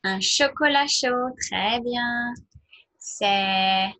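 Woman, nursery language teacher, fairly high and very lively voice, slow sing-song delivery. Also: slightly rough. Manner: slow, sing-song modelling of words for small children. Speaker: French teacher.

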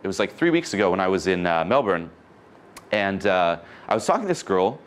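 A man coaching an audience on dating, talking in an animated way and acting out conversations. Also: low voice, fairly quick.

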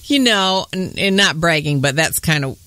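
A woman with a Southern US accent hosting a faith podcast in casual chat, bubbly and quick to laugh. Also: low voice, no room sound. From northern US. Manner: bubbly, laughs often, whoops with excitement. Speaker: podcast host.

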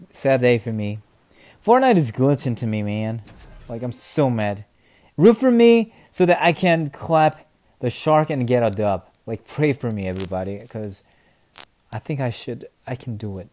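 A young man giving excitable, chatty commentary while streaming a shooter game, dropping to mumbles and then bursting out loud. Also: medium pitch, a little slow. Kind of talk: live gameplay commentary.

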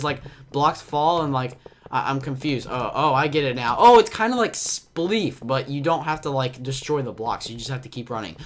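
A young man giving excitable, jumpy commentary on a game, with a slight cough and frequent yelps and laughs. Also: on the high side, slight background noise. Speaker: gaming commentator. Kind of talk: casual Minecraft gameplay commentary.

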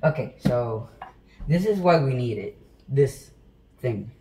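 A man's voice: mid-range voice, animated, slow, dark tone, slight background noise. Rambling, joking man in a home kitchen. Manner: joking, self-deprecating, rambling with restarts. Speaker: home cooking vlogger. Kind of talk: casual rambling how-to chat. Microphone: phone.

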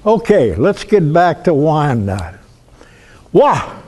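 Older Midwestern American male lecturer, unhurried folksy storyteller, slightly high, soft-toned voice. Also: lively intonation. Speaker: guest lecturer. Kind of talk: public history lecture.

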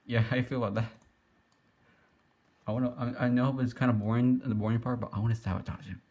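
A young man giving excitable, giggly play-by-play commentary as he teases other players in an online game. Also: mid-range voice, fast. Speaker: gaming YouTuber. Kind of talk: casual Let's Play commentary.

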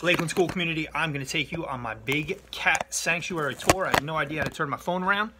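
A man playing a boastful male big-cat sanctuary owner in a loud showman manner, filmed on a phone at arm's length outdoors. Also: a little high, fast talker, very noisy, close to an everyday voice. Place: outdoors on a home property. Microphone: phone held at arm's length.

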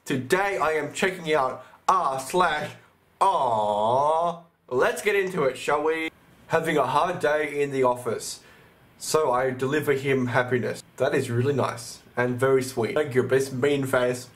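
A man's voice: mid-range voice, unhurried, fairly bright tone. A man hosting his own channel, giving casual reaction commentary, gushing and exclaiming often, with the odd casual swear. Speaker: channel host.

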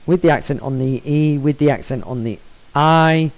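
Man explaining software, slightly high voice. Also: poor audio. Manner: measured, explanatory, with frequent ums and self-corrections. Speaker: software tutorial presenter. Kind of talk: screen-recorded software walkthrough.

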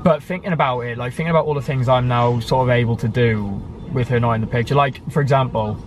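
A man's voice: mid-range voice, fairly even intonation, fast talker, faint music behind. Young British man, rambling chat. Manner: rambling, with many fillers and self-corrections. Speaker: guest sharing his story. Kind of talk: casual conversation.

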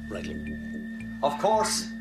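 An actor playing a flustered, awkward middle-aged priest in a sitcom. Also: male voice, takes it slowly, over loud music, close to an everyday voice. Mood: excited. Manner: excitable, awkward. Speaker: priest hosting a contest. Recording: noisy TV sitcom audio.

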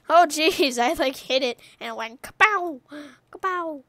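A woman giving excited gaming commentary as a YouTuber, trash-talking playfully with loud outbursts. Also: high-pitched, a little slow, a little hiss or hum.

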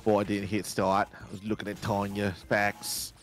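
A man with a somewhat low voice, talking loosely over a game in progress. He jokes, laughs easily and curses without a second thought, with faint music playing under him. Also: completely flat delivery, normal speed. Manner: joking, laughs often, swears freely. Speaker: let's play co-host. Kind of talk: casual gaming chat.

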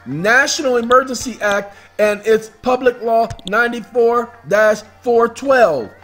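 This very high-pitched man speaks a little slowly in a fairly bright tone, with faint music behind. Hosting his own video, he gives casual screen-share commentary, rambling through documents on screen, addressing y'all and breaking into song fragments.

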